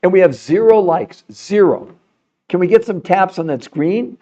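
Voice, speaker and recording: An emphatic man talks straight to his livestream viewers, pressing every point and repeating words as he goes. His voice is dark and mellow, and it sounds strained from overuse. The recording is dull and lo-fi. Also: sits high, animated, moderate pace. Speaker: podcast host. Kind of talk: impassioned livestream talk to viewers.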